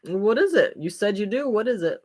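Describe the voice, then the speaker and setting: A woman's voice: medium pitch, big pitch swings, brisk, dark tone. An older woman hosting a livestream, chatting casually with viewers and breaking into folksy exclamations. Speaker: livestream host.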